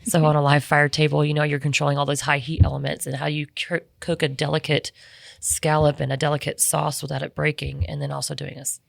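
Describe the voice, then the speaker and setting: Low gravelly woman, lively anecdotes, podcast guest, dry studio sound. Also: quick pace, no echo. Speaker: barbecue competition cook, guest. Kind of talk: casual storytelling in conversation.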